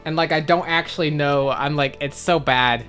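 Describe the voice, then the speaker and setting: A young woman chats casually while streaming a game, rambling through fillers and restarts. Her voice sits a little low. Soft music plays faintly behind her. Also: normal speed. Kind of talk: casual chat while gaming.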